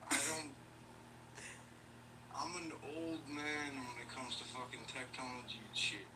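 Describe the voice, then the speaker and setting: A man's voice: medium pitch, measured pace. A man on a casual livestream who swears freely and sounds indignant. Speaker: livestream guest. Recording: distant with loud hiss.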